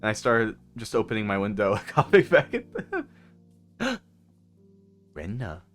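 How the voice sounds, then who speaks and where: A man's voice: lowish voice, huge pitch swings, a little slow, faint music behind. A man streaming from a parked car, chatting casually with viewers, giggling often and rambling. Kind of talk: casual live-stream chat.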